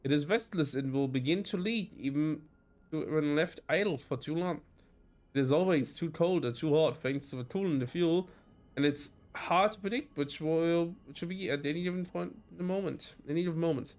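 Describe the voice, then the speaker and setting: German-accented male streamer, a touch high-pitched, reads game narration aloud in a halting, self-correcting way. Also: a little mellow. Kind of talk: reading game text aloud in a let's play.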